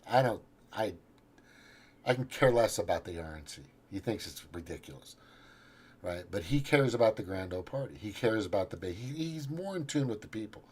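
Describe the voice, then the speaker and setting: Give me a deep-ish male host ranting casually with lots of cursing and restarts. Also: animated, normal speed, slightly rough. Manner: profane, rambling, scrolls and reads his own posts aloud; frequent restarts and trailing off. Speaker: show host. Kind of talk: casual political rant.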